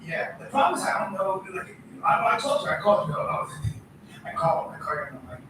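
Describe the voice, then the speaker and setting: A middle-aged man co-hosting a podcast, telling animated stories in casual, swearing chat. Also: sits high, quick pace, recorded from a distance, background noise. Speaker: podcast co-host. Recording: echoey room from off-mic.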